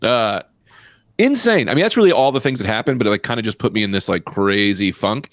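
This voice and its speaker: Man, comedy podcast co-host, animated profane rant, lively swooping pitch, dry close sound. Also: dry recording. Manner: animated, profane, quick rants with pitch jumps. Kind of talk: casual storytelling chat.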